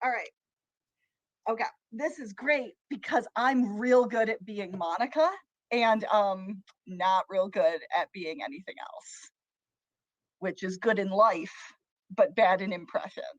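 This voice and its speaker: A woman's voice: mid-range voice, unhurried, dry recording. A woman co-hosting a library livestream, chatting in a playful, self-deprecating way with frequent laughter. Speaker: co-host, teen librarian. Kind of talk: casual livestream chat.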